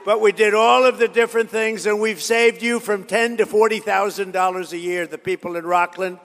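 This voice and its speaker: A man's voice: high-pitched, fairly even intonation, normal speed, a bit bright. A man giving a rambling, boastful political rally speech, repeating himself and drifting into stories. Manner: boastful, repetitive, digressive storytelling. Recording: reverberant hall.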